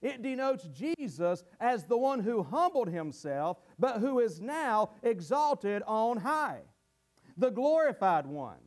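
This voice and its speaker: A man's voice: high-pitched, sing-song, takes it slowly. A man preaching a sermon to his congregation, earnest and teaching verse by verse, often repeating words as he goes.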